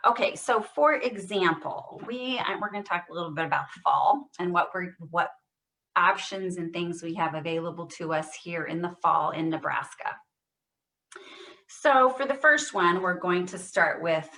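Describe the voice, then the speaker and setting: A woman speech therapist leading a voice exercise class over a video call, modelling short phrases loudly and stressing every single word. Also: medium pitch, expressive, moderate pace, recorded from a distance, rough recording. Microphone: computer mic on video call.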